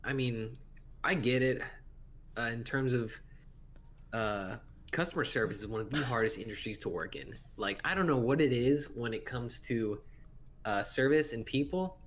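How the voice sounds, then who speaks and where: A man's voice: medium pitch, expressive, normal speed, fairly bright tone, a little hiss or hum. Sympathetic man in casual chat. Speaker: listener in conversation.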